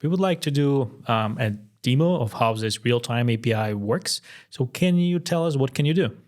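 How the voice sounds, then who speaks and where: A man co-hosting a tech podcast who talks in a relaxed, easygoing way. He leaves fillers between his phrases. His voice sits at a medium pitch. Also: moderate pace. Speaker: podcast co-host, company co-founder. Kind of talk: casual demo chat.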